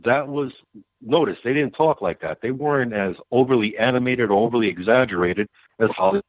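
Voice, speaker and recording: A man's voice: mid-range voice, fairly quick, dry recording. A man from New York City calling into a talk show by phone, opinionated and emphatic. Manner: opinionated, animated rise and fall. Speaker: caller. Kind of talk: casual phone chat. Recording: tinny phone line.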